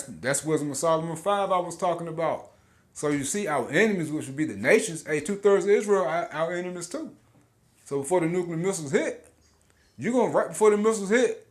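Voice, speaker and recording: Laughing, slangy man preaching scripture. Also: a little high. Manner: casual slangy preaching, laughs often, repeats words. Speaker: street preacher. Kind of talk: informal scripture teaching.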